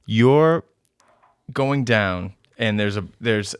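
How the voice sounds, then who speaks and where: A man's voice: lowish voice, lively intonation, extremely slow, clear, resonant tone, dry recording, studio quality. A man hosting a podcast, speaking bluntly and casually, swearing and reacting with short agreements. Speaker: podcast host.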